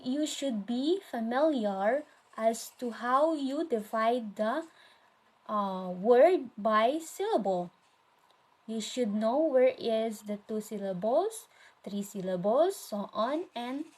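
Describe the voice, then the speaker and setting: A woman speaks with a Filipino English accent, teaching a recorded lesson. She takes her time, goes through each step and repeats it, and often stops to quiz her listeners. Her voice sits a little high. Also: breathy edge, low-quality recording. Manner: patient, repeats steps and quizzes the listener.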